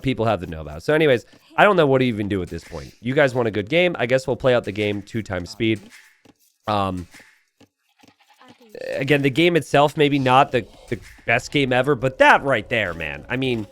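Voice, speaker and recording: Animated chatty man commentating a game. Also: medium pitch, moderate pace. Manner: chatty, animated storytelling with frequent "uh" fillers. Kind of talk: casual gameplay commentary.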